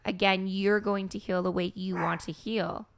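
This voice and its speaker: A young woman hosting a podcast, talking candidly and emotionally, with halting restarts and some swearing. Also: medium pitch, flat delivery, gravelly, background noise. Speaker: podcast host, grieving mother. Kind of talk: candid conversation.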